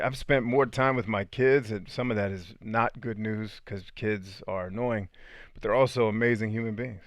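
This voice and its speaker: Chill guy on a livestream reading comments, slangy, keeps clearing his throat, kinda low voice, dead dry sound. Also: no room sound. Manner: laid-back, slangy, clears throat often. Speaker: livestream host answering viewer comments. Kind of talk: casual livestream chat.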